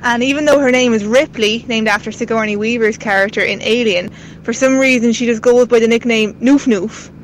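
Cheerful woman, faint vehicle rumble behind. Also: brisk, poor audio. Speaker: caller, dog owner. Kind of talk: recorded voice message.

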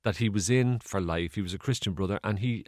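The Irish interviewee's voice sits lowish and runs a little fast as he chats through his stories with fillers and laughter. The recording is dry and studio quality.

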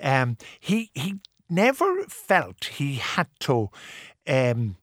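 Radio host, bouncy up-and-down voice, wry and teasing, dry studio mic. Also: male voice, medium pitch, huge pitch swings, extremely slow, dry recording. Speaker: radio presenter. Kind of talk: casual radio chat.

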